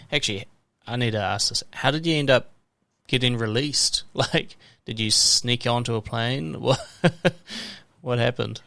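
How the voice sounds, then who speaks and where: A man's voice: medium pitch, sharp tone, clean tone, no echo. A man hosting a podcast, asking curious, loose questions with hedging fillers. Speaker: podcast host. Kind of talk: casual interview chat.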